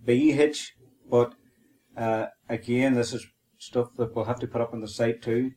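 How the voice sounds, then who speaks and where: A man's voice: medium pitch, level tone, unhurried, dark tone. A man teaching the language on a podcast, patiently repeating phrases for learners.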